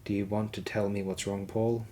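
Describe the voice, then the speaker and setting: A man reading an audiobook, voicing a noble mother who speaks in a gentle, soothing way. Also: lowish voice, little pitch movement, normal speed, a little hiss or hum, natural voice.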